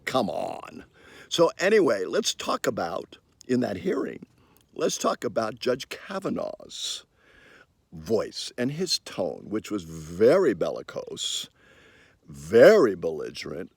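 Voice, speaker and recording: An older man giving an emphatic opinion monologue, his voice swinging from quiet asides to sudden loud, high bursts. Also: gravelly, husky, dry recording. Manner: animated and emphatic, with sudden rises in pitch and loudness. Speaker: commentator.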